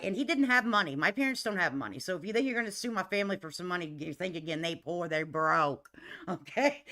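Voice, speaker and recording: A chatty woman host who laughs a lot. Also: on the low side. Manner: laughs often, lively and emphatic, addresses listeners as honey and baby. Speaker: livestream host. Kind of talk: casual storytelling chat with viewers.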